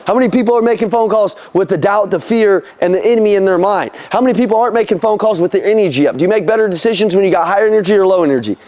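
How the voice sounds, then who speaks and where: High-pitched energetic man coaching a sales room. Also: racing, hardly any pauses. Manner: energetic, profane, casual, asks the room questions. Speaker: sales trainer. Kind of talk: motivational sales training talk.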